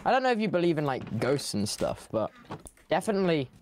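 A man's voice: on the high side, very animated, a little fast, darkish tone. Teasing man over a hissy call. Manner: teasing, laid-back, often trails off. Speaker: co-player. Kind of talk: casual gaming chat.

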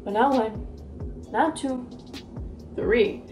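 A young adult woman beauty vlogger chatting through a storytime while doing her makeup, animated and gossipy, filling her talk with "like". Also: on the high side, very slow, echoey room, music in the background. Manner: animated, gossipy, fills speech with "like". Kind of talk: storytime get-ready-with-me chat.

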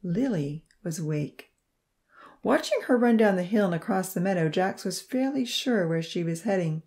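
Woman narrator, low mellow voice, calm even audiobook reading. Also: moderate pace. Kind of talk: scripted narration.

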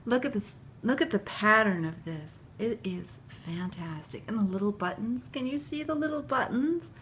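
A woman unboxing a gift package on her vlog, tearful and gushing, laughing through her tears and dropping into soft whispers. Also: mid-range voice, animated, normal speed, a little hiss or hum. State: tearful, crying while talking. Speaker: vlogger opening a gift package.

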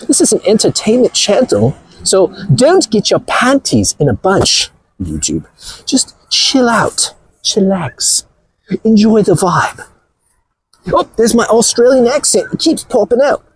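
Husky-voiced man joking on a livestream. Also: on the high side, no room sound. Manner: mocking, playful, laughs often. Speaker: livestream host. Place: outdoors walking near the ocean.

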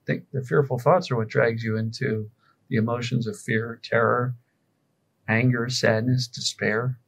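A mind-body coach from Pennsylvania, speaking in a medium-pitched, gravelly, very husky voice on a rough recording, explains his approach as an interview guest. He poses rhetorical questions and answers them himself.

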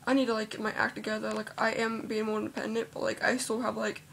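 A woman's voice: a little high, monotone, fast, gravelly, a bit bright, slight background noise. A seventeen-year-old girl chatting casually in a vlog, rambling and filling her speech with "like", sounding worried and unsure. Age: teens. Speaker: vlogger.

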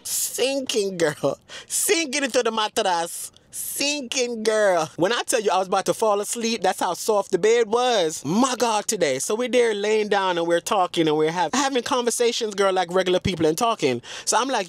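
A man's voice: high voice, expressive, moderate pace, fairly bright tone, no room sound. A man telling a storytime vlog in a sassy, dramatic way, constantly calling his listeners "girl". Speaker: storytime vlogger. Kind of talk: casual storytelling.

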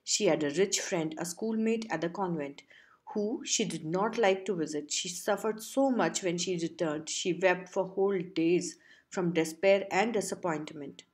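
A woman reading a short story aloud as an audiobook narrator, steady and measured. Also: on the low side.

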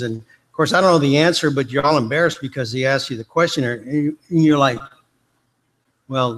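Guy cracking jokes at a sports medicine talk, self-deprecating storyteller, mid pitch. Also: fairly bright tone. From Texas. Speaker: athletic trainer and conference speaker. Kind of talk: humorous conference lecture. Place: lecture hall.

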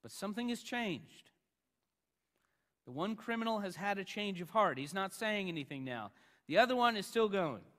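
A man pastor preaching a sermon, emphatic, rising loud on the lines he quotes. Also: high-pitched, animated, normal speed, in a large hall.

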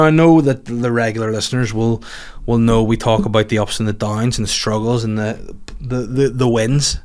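A man in his thirties with a Northern Irish accent, a comedian hosting his own podcast, talking in a casual, rambling, sweary and jokey way. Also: mid-range voice. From Northern Ireland. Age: 30s. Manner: sweary, rambling, jokey, slips into mocking voices. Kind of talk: casual solo podcast monologue.

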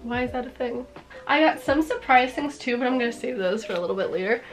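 Young woman, bubbly and gushing, sick with a cold, slightly high voice, casual vlog chat. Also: lively intonation, fast, faint music behind. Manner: bubbly and gushing, lots of "like" and "are you kidding me". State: congested with a cold. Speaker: vlogger.

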